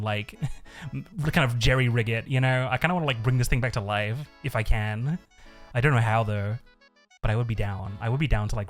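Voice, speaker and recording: Rambling, swearing male streamer. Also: mid-range voice. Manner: rambling, swears a lot, laughs often. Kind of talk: casual live-stream chat. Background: faint looping background music.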